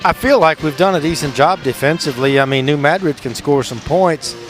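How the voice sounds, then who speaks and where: Male color commentator, slightly high pitch, laid-back rambling radio banter over a light music bed. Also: brisk. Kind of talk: casual radio sports banter.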